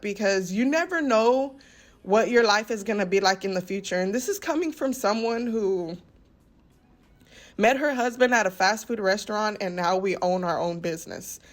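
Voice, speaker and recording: Earnest, rambling woman. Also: medium pitch. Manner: earnest, rambling, often repeats words like "very, very". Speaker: lifestyle vlogger. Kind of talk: heartfelt voice-over chat.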